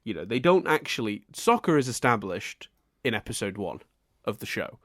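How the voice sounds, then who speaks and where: Podcast dude, super animated, laughs a lot, dry close mic. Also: male voice, lowish voice, normal speed, no echo. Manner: animated, laughs often, acts out exasperated reactions. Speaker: podcast co-host. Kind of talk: casual podcast chat.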